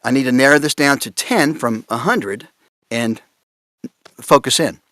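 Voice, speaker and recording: A man speaking on a conference panel about voice casting, animated and amused as he reads out odd casting notes. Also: mid-range voice, unhurried, no echo, studio quality. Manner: animated, laughing, reads out examples with amused disbelief. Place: conference room.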